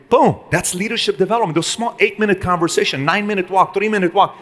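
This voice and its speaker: A man's voice: high-pitched, fast talker, hardly any pauses, fairly bright tone. A man giving an emphatic motivational business talk to a live audience, asking the room questions and acting out conversations. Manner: emphatic, asks the room questions, acts out dialogues. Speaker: business speaker.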